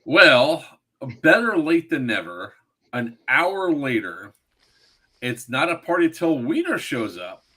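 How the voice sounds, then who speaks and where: Lively teasing podcast host man. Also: a little high, slow, poor audio. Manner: lively, teasing, boastful banter. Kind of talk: casual chat.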